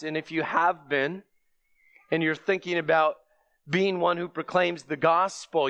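A man's voice: a little high, pushed and bright, no room sound. Earnest man preaching, dry close sound. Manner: earnest, with emphatic bursts on repeated phrases. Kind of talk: sermon.

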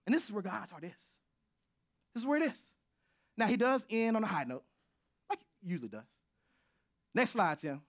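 A man preaching a sermon as pastor, swinging from shouts to near whispers, with informal, joking asides to his congregation. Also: sits high, animated, normal speed, pauses often.

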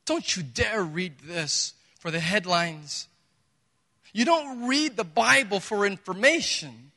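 A man's voice: high-pitched, animated, slow, bright, forceful tone. Emphatic male preacher in a reverberant hall. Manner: emphatic, conversational preaching with rhetorical questions. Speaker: pastor. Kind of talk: sermon. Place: church sanctuary.

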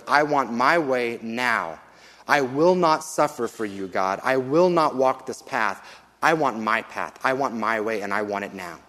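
A man's voice: mid-range voice, fairly bright tone. Man preaching in a reverberant hall. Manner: earnest, measured, slows for emphasis. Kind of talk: sermon with scripture reading.

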